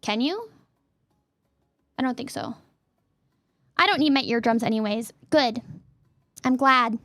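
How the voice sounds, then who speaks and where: High-voiced giggly woman streamer. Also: expressive, measured pace, no echo, clean studio sound. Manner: giggly, playful, bursts into yelling. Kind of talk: casual live-stream chat, reading questions.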